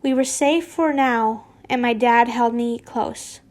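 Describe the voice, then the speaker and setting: A woman's voice: fairly high pitch, slow pace, a little mellow. A woman casually reading fan fiction aloud, giggling and stumbling over words and correcting herself.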